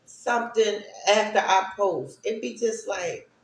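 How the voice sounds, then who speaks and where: A woman's voice: medium pitch, unhurried. A woman giving a casual spiritual monologue to her stream viewers, rambling and often asking "right?" to check in with them. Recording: echoey room.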